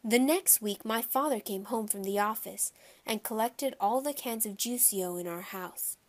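A woman narrating a children's audiobook in the first person, telling the story in a steady, clear way. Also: on the high side, moderate pace.

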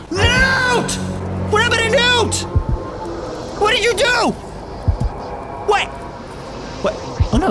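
Woman gamer yelling at her game, super bouncy up and down voice. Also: sits high. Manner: excitable, reactive, frequent shouts. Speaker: gaming video host. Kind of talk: gameplay commentary. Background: game music.

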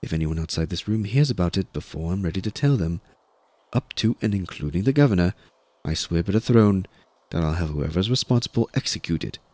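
A man voicing a poised, grim female Inquisitor in an audiobook reading, speaking crisply and with authority. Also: low-pitched, lively intonation, fairly quick, a little mellow, dry recording. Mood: commanding. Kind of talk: audiobook character voice.

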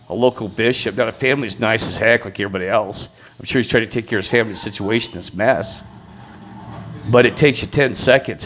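A man on a passionate, indignant religious rant, repeating his exasperation and rising to loud peaks. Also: lowish voice, fairly quick. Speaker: vlogger.

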